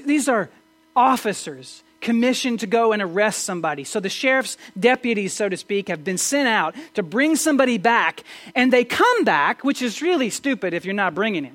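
A pastor giving a conversational Sunday-morning sermon in church, often asking rhetorical questions and stumbling into quick restarts. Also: medium pitch, fairly bright tone. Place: church service.

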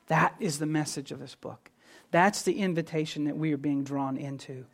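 A pastor preaching a sermon in an earnest, animated way, moving between soft, low passages and emphatic, lifted ones. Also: male voice, normal speed.

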